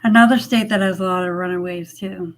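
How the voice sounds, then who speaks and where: A woman's voice: lowish voice, steady tone, a little fast. A woman in a casual group chat, talking in a chatty, sympathetic way.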